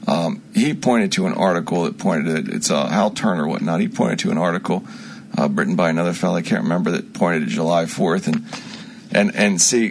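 A man speaking as a self-styled prophet in an unscripted radio monologue, rambling, with frequent restarts and sudden swings from loud to quiet. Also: deep voice, breathy edge.

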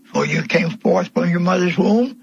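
An older man preaching a sermon, telling his testimony slowly and emphatically, with voice rising into cries. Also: sits high, creaky, breathy edge, dull audio. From Pennsylvania, USA.

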